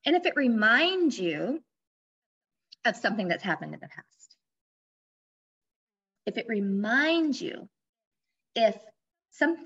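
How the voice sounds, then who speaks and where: A woman's voice: a little high, fairly bright tone. A woman life coach in a casual podcast interview, speaking candidly and explaining with personal examples. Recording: dull lo-fi audio.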